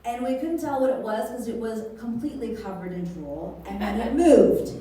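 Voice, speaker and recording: A middle-aged woman performing a stand-up comedy set, telling a story with animated energy and jumping into high voices to quote her kids. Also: normal speed, a little hiss or hum. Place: live comedy venue. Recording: echoey hall from far off with loud ambience.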